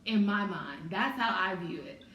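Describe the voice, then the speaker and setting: Chatting casually, a woman with a medium-pitched, animated, pushed and bright voice gives blunt, strongly opinionated takes at a normal speed. The audio is dull and roomy because she is a bit far from the microphone in an echoey room, and faint noise sits in the background.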